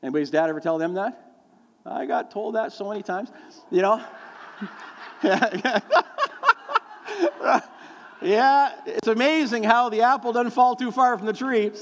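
A man's voice: sits high, a little slow, long pauses, a little hiss or hum. A middle-aged man preaching a sermon, telling folksy stories with lots of fillers and acting out the voices of people he quotes. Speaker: pastor. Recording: long hall reverb.

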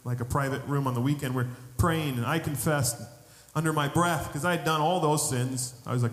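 A man preaching a sermon, telling a personal testimony in an animated storytelling way and building to emphatic appeals. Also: on the high side, fairly quick. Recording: echoey hall with long reverb.

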